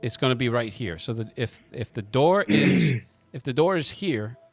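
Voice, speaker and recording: A man running a tabletop game as game master, explaining the rules in a halting way with many restarts. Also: medium pitch, expressive.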